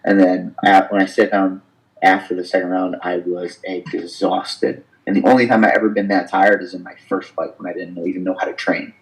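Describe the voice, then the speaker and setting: A man's voice: sits low, fairly quick, poor audio. A man in his thirties, a professional fighter from the United States, telling his story in a casual interview and acting out conversations as he goes. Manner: animated storyteller, acts out conversations.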